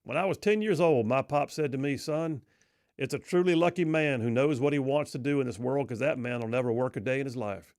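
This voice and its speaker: A man's voice: mid-range voice, a little fast, darkish tone, no echo, clean studio sound, close to an everyday voice. A man voicing a proud, drawling Texan race car builder who gives a folksy, plainspoken speech.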